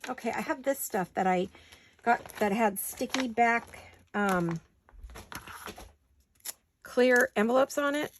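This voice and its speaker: A woman's voice: on the high side, takes it slowly, pauses often, slight background noise. A middle-aged woman hosting a craft tutorial from her home studio, chatting and muttering asides to herself while she works, with the hiccups. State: has the hiccups. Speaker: craft video host.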